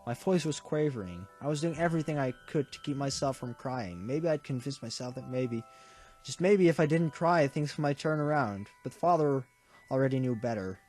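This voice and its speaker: A man's voice: mid-range voice, animated, brisk, a little mellow, faint music behind. A young man reading a visual novel aloud, tearful, his voice breaking as he narrates earnestly. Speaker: gaming YouTuber.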